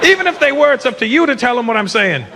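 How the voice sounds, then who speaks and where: A man's voice: very high-pitched, big pitch swings, quick pace, creaky, background noise. A man in his fifties from Canada doing a brash stand-up set, teasing the crowd and slipping into voices. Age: 50s. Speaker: stand-up comedian. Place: large live venue. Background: faint audience laughter.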